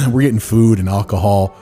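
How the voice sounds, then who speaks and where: Male podcast host, lowish mellow voice, laid-back chatty storyteller. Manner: relaxed, chatty storytelling, occasional swearing. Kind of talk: casual podcast chat.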